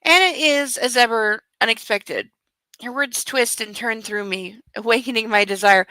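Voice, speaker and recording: Sarcastic woman reading with bright tone. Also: fairly high pitch, normal speed, clear, resonant tone, no room sound, rough recording. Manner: sarcastic, exasperated asides. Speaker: book club reader. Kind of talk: comedic book reading with commentary.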